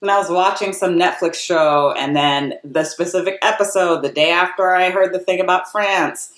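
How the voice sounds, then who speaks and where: An American woman telling a personal travel story in a chatty, casual way, with many "like"s and acted-out quotes. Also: normal speed. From United States. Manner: chatty, lots of "like", acts out quotes in a higher voice. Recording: roomy echo.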